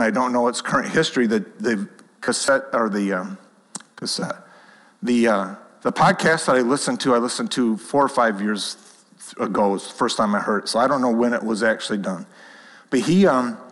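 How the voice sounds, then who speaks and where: A pastor with a medium-pitched, fairly bright voice preaches a sermon to his congregation, earnest and conversational, often restarting his sentences. A long hall reverb surrounds the recording.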